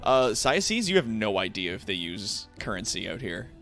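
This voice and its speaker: A man narrating a tabletop game as game master, casual and quick to laugh. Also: on the low side, faint music behind. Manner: laughing easily, lively and casual.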